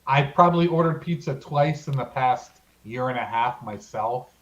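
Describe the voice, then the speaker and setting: A man co-hosting a podcast in casual chat, getting excited as he talks about food and dwelling on his exclamations. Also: medium pitch, highs cut off. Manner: excitable, relishing food talk with drawn-out exclamations. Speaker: podcast co-host.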